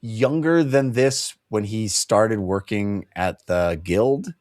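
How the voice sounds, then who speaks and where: A man's voice: on the low side, slow pace, darkish tone, no room sound, studio quality. A man co-hosting a book club podcast, retelling the plot in a rambling, jokey way and laughing often. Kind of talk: casual chat.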